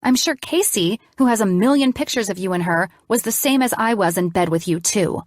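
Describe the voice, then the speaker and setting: A woman's voice: mid-range voice, animated, fairly quick, no echo, studio quality, lightly acted. Cold, accusing young woman, as the narrator speaks her lines. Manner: sharp, accusing.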